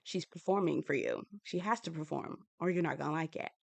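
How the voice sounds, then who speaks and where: A young woman giving a sassy, animated casual recap of a reality TV episode. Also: low-pitched, brisk, creaky, no echo. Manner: sassy, animated, acts out quoted lines. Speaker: TV recap reviewer.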